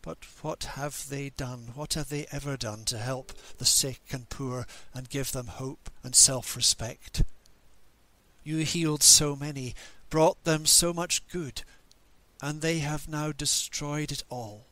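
Guy playing an angry heartbroken male disciple, slow and searching, sharp clear voice. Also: mid-range voice, steady tone. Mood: bitter. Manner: bitter, questioning, self-reproaching. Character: grieving, angry male disciple Peter at the cross. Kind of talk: dramatic monologue in a church service.

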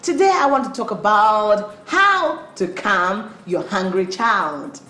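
A woman's voice: medium pitch, animated, takes it slowly, bright, forceful tone. A woman parenting coach giving earnest advice, repeating her key points. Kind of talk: instructional talk to camera. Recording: roomy, faint music.

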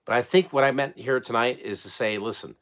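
A middle-aged man giving casual advice as a channel host, blunt and animated, swearing casually and laughing often. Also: mid-range voice, brisk. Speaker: eBay reseller and channel host.

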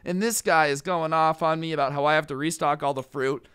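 Young man, storytime vlogger, bright and crisp, dry close mic, chatty. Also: a little high, fairly even intonation, fairly quick, dry recording. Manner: chatty, filler-heavy, acts out quoted people. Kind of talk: casual storytelling over gameplay.

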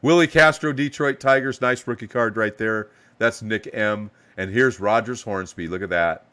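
A man's voice: fairly low pitch, normal speed, fairly bright tone. A man hosting a live card box break, hyping each card as he pulls it and giving players playful nicknames. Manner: hype, calls out cards with playful nicknames.

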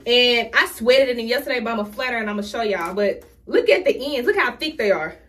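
Chatty high-voiced young woman vlogger. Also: animated, brisk, fairly bright tone. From Houston, Texas. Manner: chatty, talks straight to viewers with lots of "y'all". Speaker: beauty vlogger. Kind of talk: casual get-ready-with-me tutorial. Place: at home, indoors.

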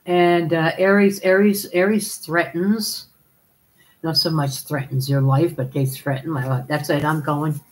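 A woman's voice: low voice, steady tone, measured pace, poor audio. A woman hosting a live stream, chatting casually, laughing often and calling viewers darling as she reads their comments.

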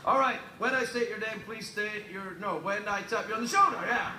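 High, lively joking talk show host. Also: male voice, a little fast. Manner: teasing, jokey, laughs often. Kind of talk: playful late-night banter. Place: TV studio with audience. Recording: roomy studio with background noise.

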